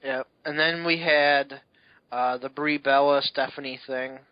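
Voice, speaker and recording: A man's voice: mid-range voice, steady tone, measured pace, clear, resonant tone, no room sound. A man co-hosting a wrestling podcast in casual chat, telling stories in a chatty, rambling way. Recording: dull lo-fi recording.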